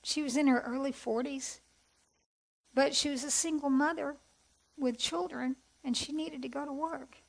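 A middle-aged woman telling her personal testimony in an earnest, heartfelt way, with soft hesitations. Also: high-pitched, steady tone, normal speed, creaky, poor audio. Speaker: speaker sharing testimony.

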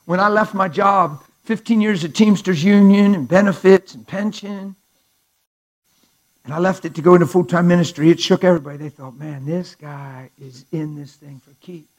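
A middle-aged man preaches in a high voice, telling stories with lively swings in loudness. He acts out the people in his tales, dropping to near hushed tones before rising again. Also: moderate pace, low-quality recording. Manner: animated storyteller acting out dialogue, swings from hushed to loud. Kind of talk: sermon storytelling.

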